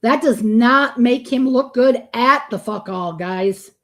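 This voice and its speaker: A livestream host from Florida, she reacts on a live stream using a streaming microphone, welcoming viewers by name, speaking bluntly, cursing frequently, and groaning in disgust. Her voice is on the high side and she takes her time.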